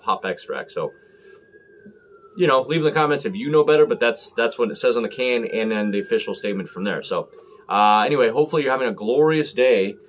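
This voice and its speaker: A man's voice: fairly low pitch, slight background noise. A man hosting a casual beer review vlog, rambling and joking with frequent restarts. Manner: rambling, jokey, fumbles and restarts often. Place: Los Angeles area.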